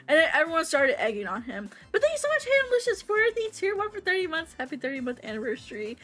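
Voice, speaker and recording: A woman streamer chatting casually to her livestream audience, animated and excitable, swearing freely and laughing often. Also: sits high, fast talker, few pauses. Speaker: VTuber streamer.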